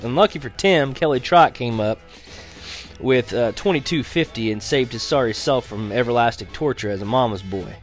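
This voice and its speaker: A man's voice: mid-range voice, expressive, moderate pace, faint music behind. A man narrating a teen story as an audiobook, in a wry, sarcastic tone that breaks into laughs.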